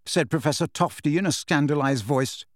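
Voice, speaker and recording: Guy reading an audiobook, expressive and steady, slightly high voice, dead dry sound. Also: moderate pace, dry recording. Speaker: audiobook narrator. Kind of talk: scripted narration.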